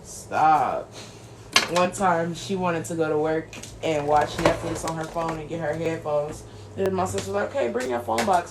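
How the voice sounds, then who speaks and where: A young woman getting her hair braided tells playful stories in a casual livestream chat, often breaking into giggles. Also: lowish voice. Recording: echoey room with faint background noise.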